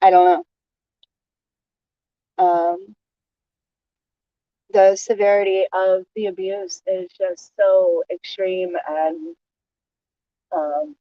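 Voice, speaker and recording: A woman vlogging a casual monologue, airing grievances in an indignant rant that stops and restarts in halting pauses. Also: lowish voice, level tone, no room sound, lo-fi sound.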